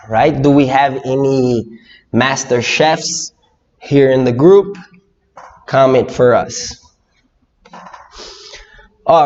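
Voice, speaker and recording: A young Brazilian man whose first language is Portuguese teaches a live online English lesson with a Brazilian Portuguese accent. His slightly high voice is slow and lively as he reads viewer comments and asks questions. The audio is dull and lo-fi, with long reverb from the room.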